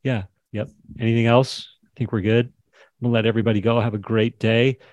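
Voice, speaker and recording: Man, coaching host, impassioned, acts out dialogue, middle pitch, dry close sound. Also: level tone, a little fast, a little mellow, no room sound, lo-fi sound. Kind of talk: animated teaching session on a video call.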